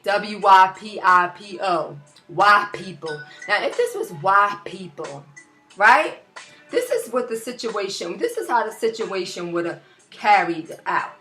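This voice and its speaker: A woman vlogging a casual opinion rant into a laptop, animated and rambling with many restarts. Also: mid-range voice, measured pace, soft background music. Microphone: laptop built-in mic.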